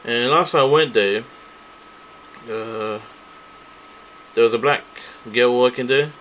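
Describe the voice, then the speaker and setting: A man vents in a heated, profane monologue, looping through the same grievances with restarts. His voice sits at an ordinary middle pitch. A faint hiss and air-conditioning hum run underneath. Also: slow, fairly bright tone, low-quality recording. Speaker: vlogger. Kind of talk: angry ranting monologue to camera.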